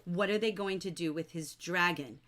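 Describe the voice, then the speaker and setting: A woman teacher leading a livestreamed novel study, chatty and lively as she reads quotes aloud and answers viewers in the chat. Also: fairly low pitch, normal speed. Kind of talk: livestreamed book discussion, reading chat aloud.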